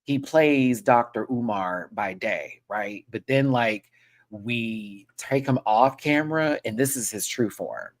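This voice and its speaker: A man hosting a casual panel chat, sassy and animated, with quick asides. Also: medium pitch. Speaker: host.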